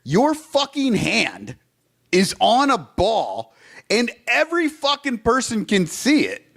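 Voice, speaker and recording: A man's voice: extremely high pitch, wildly swooping pitch, takes it slowly, gravelly, a bit bright. A man co-hosting a casual baseball podcast, ranting heatedly and swearing often. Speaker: podcast co-host. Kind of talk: casual sports chat.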